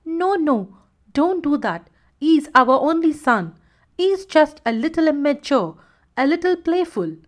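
A woman's voice: high voice, big pitch swings, unhurried, voice pushed up. A woman playing a worried lioness mother. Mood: pleading. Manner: pleading, gentle but firm.

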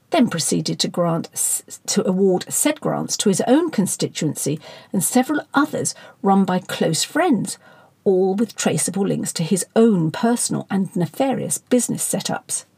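A woman's voice: medium pitch, creaky, dark tone, breathy edge, no room sound. A woman reading satirical fiction aloud as an audiobook narrator, with a wry, sardonic delivery.

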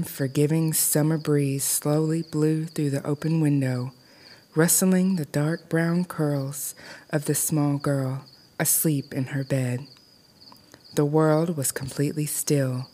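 A woman narrating a scripted horror story in a measured, deliberate way. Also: deep voice, fairly even intonation, dark tone.

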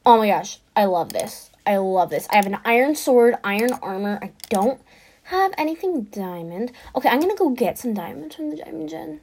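A woman giving casual gameplay commentary, chatty and excitable, who often drops into a whisper. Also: a little high, normal speed, vocal fry. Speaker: gaming podcaster.

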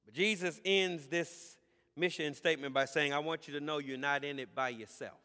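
High-voiced man preaching in an echoing hall. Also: moderate pace. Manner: builds from calm to shouted emphasis, stretching key words. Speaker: pastor. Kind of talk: sermon. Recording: live sermon in a reverberant hall.

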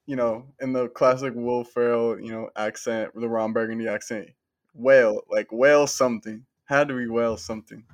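A man's voice: mid-range voice, steady tone, moderate pace. A man in casual podcast banter, laid-back and swearing freely.

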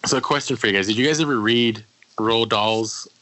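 A man co-hosting a casual podcast, talking in a measured, reflective way. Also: lowish voice, noisy background. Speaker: podcast co-host.

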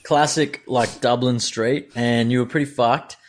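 A man's voice: medium pitch, fairly even intonation, unhurried, slight background noise. A man co-hosting a podcast, teasing and swearing in laid-back banter over a video call. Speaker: podcast co-host. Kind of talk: casual podcast chat.

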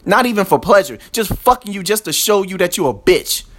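A man's voice: high voice, very animated, fairly quick, a bit bright. A man hosting a podcast, ranting in a profane, aggressive and repetitive monologue. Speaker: podcast host.

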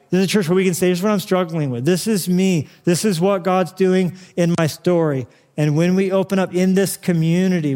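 A fairly high-voiced man preaching a passionate sermon. He hammers phrases through repetition and drops from loud to hushed. His words trail off into the long reverb of a big church. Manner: fervent, repeats phrases for emphasis, swings from loud to hushed. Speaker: pastor. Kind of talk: impassioned sermon.

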